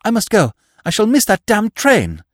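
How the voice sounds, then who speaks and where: A man voicing a scatterbrained, plaintive young gentleman who talks in a hurried, breathless, exclamatory way, in an audiobook reading. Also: fairly high pitch, huge pitch swings, dry recording, studio quality, pitched above the performer's own voice.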